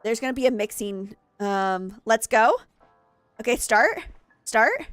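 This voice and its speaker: A young woman hosts a game party on a live stream, chatting casually in a slightly high voice. She's excitable and quick to giggle when flustered. The recording is clean, dry and close to the mic, with faint game music underneath.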